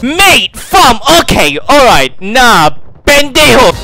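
A young man rants his way through a shooter match in a very high, tense voice, cursing constantly and breaking into loud outbursts. His pitch swings wildly from line to line, and game music plays faintly behind him. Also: sing-song, slow. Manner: ranting, swearing constantly. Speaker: gaming YouTuber. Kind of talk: gameplay commentary.

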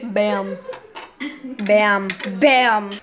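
A woman vlogging in a casual, rambling way, jumping between excited bursts and mumbled asides. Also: medium pitch, extremely slow, a little hiss or hum. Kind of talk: casual chat to camera.

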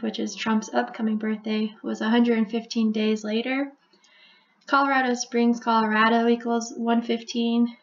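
A woman whose voice sits a little high gives a chatty voice-over casually explaining a number theory, hosting a video about number codes. She keeps an even tone and says "like" and "so" a lot, and the audio sounds dull.

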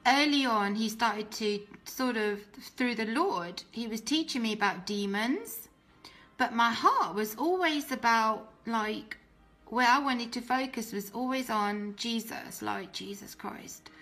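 Bright, forceful woman giving testimony. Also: a little high, a little slow, soft background music. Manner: earnest, emotional storytelling with many restarts. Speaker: testimony speaker. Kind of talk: personal faith testimony.

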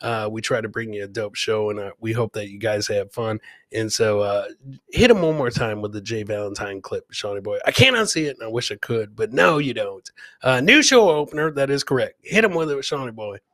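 A man hosting a casual live podcast, hyped and chuckling as he shouts out to his viewers. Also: lowish voice, expressive, fairly quick, no echo, studio quality. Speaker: podcast host. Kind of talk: casual live-show chat.

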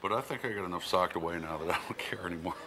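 A man in his forties, an actor being interviewed, talking in a low-key, wry and self-mocking way. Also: rapid-fire, pushed and bright, slight background noise. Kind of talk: casual interview chat. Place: in a pub. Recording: crowded pub in the background.

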